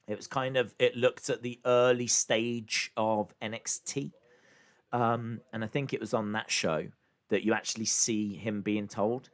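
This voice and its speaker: A man's voice: fairly low pitch, flat delivery, unhurried. A young man hosting a casual live reaction stream, chatting and thinking aloud with frequent fillers.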